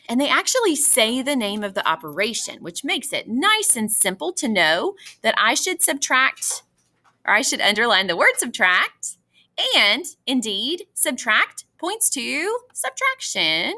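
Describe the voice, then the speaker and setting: A woman's voice: a little high, pushed and bright. A woman teacher talking students through a math example, patient and encouraging. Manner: patient, encouraging, addresses students as boys and girls. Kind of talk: classroom math lesson walkthrough.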